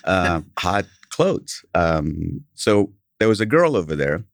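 A very deep-voiced man from Kenya speaks with a British accent, recorded in a dry, close setting. He is a company founder telling stories in a casual podcast interview. His delivery is animated, with chuckles slipped between anecdotes. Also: slow, creaky, no echo.

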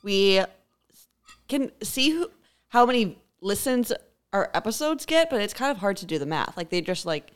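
A woman's voice: medium pitch, animated, normal speed, smooth. A hungover woman co-hosting a casual podcast, playful and giggly, teasing her co-host.

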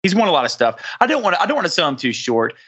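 Bright-voiced joking podcast host man. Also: fairly high pitch, very animated, rapid-fire, husky. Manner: playful, joking introductions. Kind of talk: casual podcast banter.

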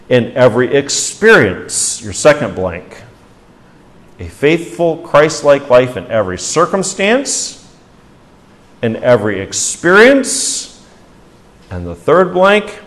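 A man's voice: big pitch swings, slow pace, a bit bright. Emphatic man preaching a sermon. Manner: emphatic preaching, rising for stress, dropping low at the ends of phrases; asks the congregation rhetorical questions. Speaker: pastor.

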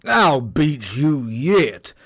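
A man voicing a boastful, hot-tempered male tiger in a storybook tale, shouting his lines. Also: medium pitch, a little slow, dry recording, clean studio sound, close to an everyday voice. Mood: shocked.

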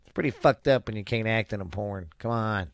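A man's voice: fairly low pitch, a little fast, gravelly, no room sound, clean studio sound. A man hosting a vlog, reading viewer comments aloud with crude jokes and rambling asides.

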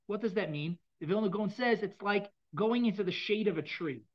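Speaking briskly at a medium pitch, a woman who teaches Torah walks her class through a text, explaining as she goes. She frequently asks the students questions to see if they follow. The recording sounds muffled.

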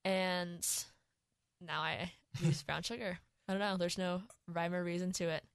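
A woman's voice: on the low side, steady tone, a little slow, smooth, dry recording, studio quality. A teenage girl co-hosting a student radio talk show, chatting in a rambling way and laughing often. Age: teens. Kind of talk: casual chat.

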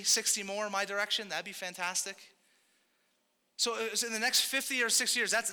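A young male pastor preaches a sermon in a casual, conversational style, often turning aside to address the congregation. His voice sits high and sounds pushed and bright, with long hall reverb on the recording.

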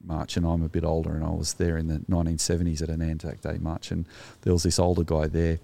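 A man's voice: extremely low pitch, completely flat delivery, quick pace, gravelly, mellow. A man in his fifties with an Australian accent, co-hosting a casual theological podcast discussion, talking conversationally with frequent restarts. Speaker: podcast co-host.

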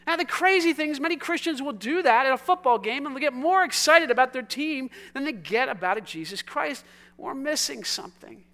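A man preaching a sermon, talking with his congregation in a conversational, energetic way that swings from quiet asides to loud, exuberant calls. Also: very high-pitched, fairly quick. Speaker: pastor. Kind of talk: sermon with congregation call-and-response.

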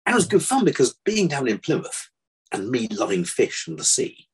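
An older man, a vet, telling stories from his past in a relaxed interview, with dry self-deprecating humour. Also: mid-range voice, moderate pace, slightly rough. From England. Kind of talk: casual interview chat.

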